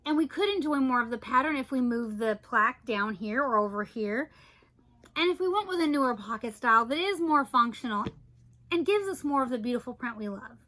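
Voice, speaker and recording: A woman with a high, bright voice talks through her bag collection in a casual review vlog. She gushes, teases and breaks off into little exclamations, chatty and unhurried. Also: lively intonation, low-quality recording. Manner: chatty and gushing, with playful asides and sudden surprised exclamations.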